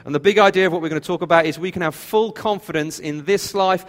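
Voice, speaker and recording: A man's voice: fairly high pitch, fast, few pauses. A man, preaching a sermon in a chatty, self-mocking storytelling way. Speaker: pastor. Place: church hall. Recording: long hall reverb.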